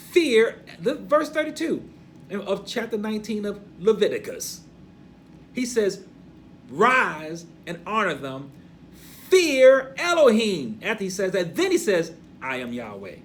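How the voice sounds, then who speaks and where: A man's voice: sits high, slight background noise. Gray-bearded older man preaching emphatically. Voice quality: emphatic, preachy, swings from hushed to loud. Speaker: teacher. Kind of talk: Torah portion teaching.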